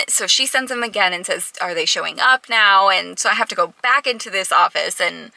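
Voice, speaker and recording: A young woman, vlogging in a quick, exasperated storytelling manner, close to tears. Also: medium pitch, creaky, sharp tone, dry recording, poor audio. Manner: exasperated, fast storytelling with quoted dialogue. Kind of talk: casual vlog storytelling.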